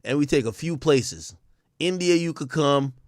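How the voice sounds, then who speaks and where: A man hosting a livestream, riffing casually in a loose, profane way with sudden loud outbursts. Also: a little high, moderate pace, no room sound, clean studio sound. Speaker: livestream host.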